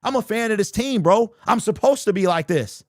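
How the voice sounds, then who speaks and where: A sports channel host with a high-pitched voice reads super chats on his livestream, firing back at viewer comments in an animated, argumentative way and repeating his points. He talks at a normal speed, and the studio-quality recording has no echo.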